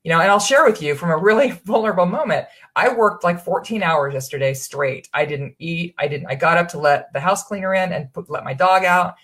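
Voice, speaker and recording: A woman's voice: on the low side, expressive, fairly quick, hardly any pauses, fairly bright tone. A woman coaching her audience in a live webinar, talking in an earnest, chatty and encouraging way, often restarting her sentences. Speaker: online business coach.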